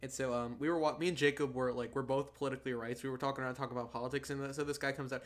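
A young man in his late teens co-hosting a podcast, telling rambling, profane stories in casual chat with loud bursts of laughter. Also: medium pitch, steady tone, very fast. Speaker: podcast co-host.

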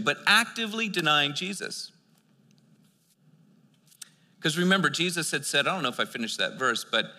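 Very bright-voiced male preacher. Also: high voice, in a large hall. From United States. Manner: reads scripture then explains it in casual asides; conversational, with filler words and restarts. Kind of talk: sermon.

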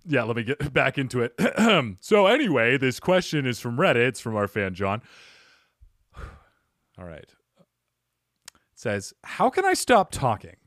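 A man hosting a podcast in casual chat, smooth and well-spoken, with a measured broadcast cadence and self-deprecating humor. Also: medium pitch, big pitch swings, a bit bright, dry recording, studio quality. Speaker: podcast host.

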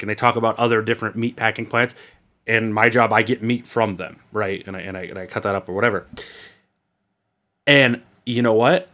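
A man's voice: on the low side, fairly bright tone. A young man co-hosting a podcast, rambling in casual crude banter with lots of fillers and swearing. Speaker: podcast co-host.

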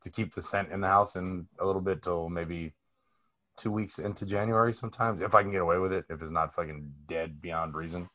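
Low-voiced man, blunt casual banter. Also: a little fast, bright, forceful tone. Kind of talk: casual chat.

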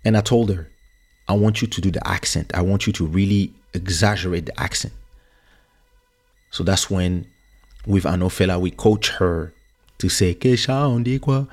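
A man's voice: low-pitched, normal speed, pauses often, a little mellow. A man, hosting a podcast and casually telling a story from his music career, repeating and restarting words as he recalls. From France. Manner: reminiscing, frequent word repeats and restarts.

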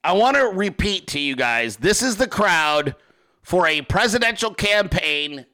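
A man with a high, bright voice that swings widely in pitch as he hosts a political talk show. He rants in a crude, sarcastic way, swearing constantly and firing rhetorical questions at his listeners. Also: big pitch swings, unhurried. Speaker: political commentary host. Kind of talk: profane unscripted rant.

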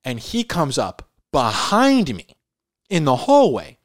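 A man, a podcast host, casually telling a story in a laid-back way, dropping "dude" and "like" often and building drama with pauses. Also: on the high side, no echo, clean studio sound. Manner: animated, dramatic retelling with pauses.

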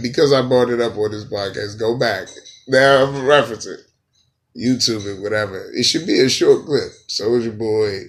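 A man hosting a podcast, telling a comedic story in an animated, profane way. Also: lowish voice. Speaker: podcast host.

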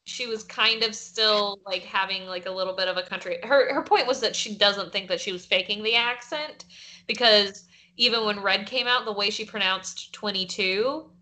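Woman co-host, bright tone, mild Southern lilt, chatty and giggly. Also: mid-range voice, normal speed. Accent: light Southern US. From American South. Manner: chatty, laughing, many fillers. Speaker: podcast co-host. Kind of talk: casual chat.

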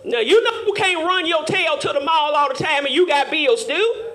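High-voiced woman preaching with fervor. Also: expressive, normal speed. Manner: call-and-response preaching, rising to shouts. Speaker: Sunday school teacher. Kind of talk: preaching Sunday school lesson.

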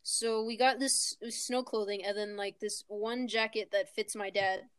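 A woman's voice: mid-range voice, fairly even intonation, moderate pace, a bit bright, clean tone, no echo. A young woman co-hosting a casual podcast, telling stories with frequent giggles, dry close sound. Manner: giggly, storytelling. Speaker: podcast co-host. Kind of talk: casual chat.

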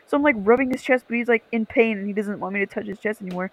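A woman's voice: on the high side, fairly even intonation, very fast, hardly any pauses, rough recording. A young woman co-hosting a podcast, telling a long story in loose casual chat. She swears freely and laughs between lines.

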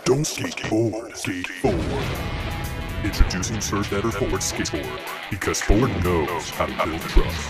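Casting: a man putting on a deep, slow parody commercial voice over guitar music. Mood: mock-heroic. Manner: drawn-out, emphatic. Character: slow, booming mock truck-ad announcer.

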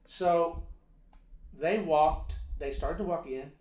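A man's voice: on the high side, slow pace, darkish tone. A man telling a personal story in a casual interview, hesitant with many fillers, acting out dialogue. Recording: roomy echo.

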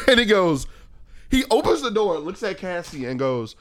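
A man in casual group chat, animated and laughing as he acts out quoted lines. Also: high voice, measured pace.

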